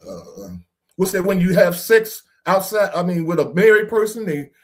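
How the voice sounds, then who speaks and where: A man's voice: high voice, animated, moderate pace. A man hosting a podcast discussion, talking in a preachy, casual way and swearing now and then. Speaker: podcast host.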